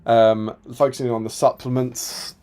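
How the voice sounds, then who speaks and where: A man's voice: mid-range voice, little pitch movement, unhurried, mellow. A man co-hosting a casual live stream, reading viewer comments aloud with a chatty, laughing manner. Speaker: co-host reading chat comments.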